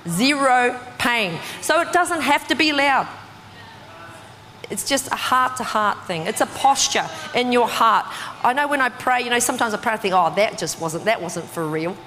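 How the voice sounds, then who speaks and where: A woman preaching a sermon in a conversational, animated way, full of casual fillers. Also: on the high side, moderate pace, slight background noise. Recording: distant voice with long hall reverb.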